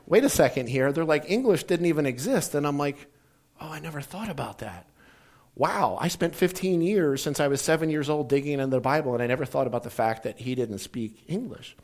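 Rambling storytelling man. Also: on the high side. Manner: rambling storyteller, acts out dialogue with jokes. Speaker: speaker teaching about Bible translation. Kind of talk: casual teaching talk.

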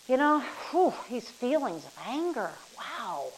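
A woman's voice: high-pitched, sing-song, unhurried, poor audio. A woman leads a casual group session, talking in a loose, rambling, friendly way. She laughs easily and drifts off topic. A faint hiss sits under the recording. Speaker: workshop leader.

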